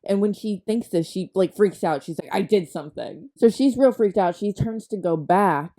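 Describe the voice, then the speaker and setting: A woman's voice: medium pitch, moderate pace, mellow. A woman recapping a book in a comedic, sarcastic, chatty way, full of exaggerated asides.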